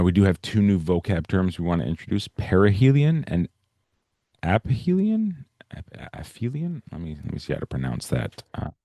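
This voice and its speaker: Low-voiced man teaching an online class. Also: a little mellow, dry recording, clean studio sound. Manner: casual and explanatory, checks in with "right?" and "okay?". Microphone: video call.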